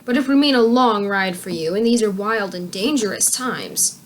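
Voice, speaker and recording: A woman's voice: mid-range voice, expressive, normal speed, a little hiss or hum, close to an everyday voice. A woman voicing a shy, bumbling knight and father who has been turned into a pink pig. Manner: apologetic, bumbling.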